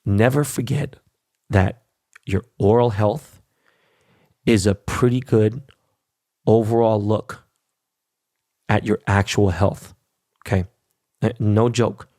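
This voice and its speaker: A man's voice: lowish voice, steady tone, slow, long pauses, darkish tone, no echo, clean studio sound. A man hosting a podcast in a brash, casual monologue, swearing constantly and tagging "right?" onto his sentences. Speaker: podcast host. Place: New York.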